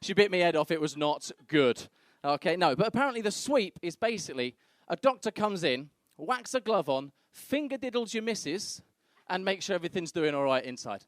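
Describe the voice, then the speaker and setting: Brisk and high-pitched, the expressive young stand-up rarely pauses while acting out characters in his crude, brash club stories. No echo is present, and the audio is studio quality.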